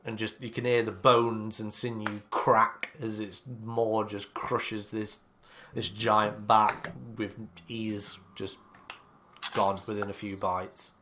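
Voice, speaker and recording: Casting: male game master, hesitant narrator, lower voice, unhurried delivery. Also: flat delivery, background noise. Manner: hesitant, full of ums and likes.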